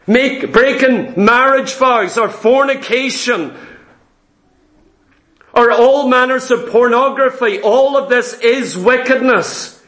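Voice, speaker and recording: A man with a very high voice preaches a sermon in a church. His talk is full of rhetorical questions to the congregation, and the sound rings around an echoey room. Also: slow, fairly bright tone.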